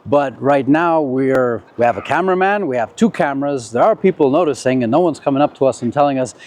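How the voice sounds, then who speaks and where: A man's voice: mid-range voice, expressive, a little fast, a little mellow. A man hosting a casual walk-and-talk vlog on city streets at night, chatty and jokey, rambling with restarts. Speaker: vlogger host. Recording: noisy outdoor street.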